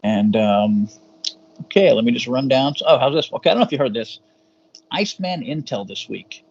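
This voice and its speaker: A man's voice: medium pitch, animated, brisk, gravelly, a little mellow, husky. A man co-hosting a podcast, chatting casually and rambling through a wrestling review with hesitant fillers and casual swearing. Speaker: podcast co-host. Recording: dull lo-fi sound with faint hum.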